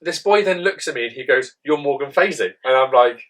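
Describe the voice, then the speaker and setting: A man's voice: mid-range voice, fast, poor audio. A young man hosting a podcast, telling a story in a rambling way and saying "like" often. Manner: rambling, heavy use of "like", animated retelling. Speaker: podcast co-host. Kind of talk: casual storytelling chat.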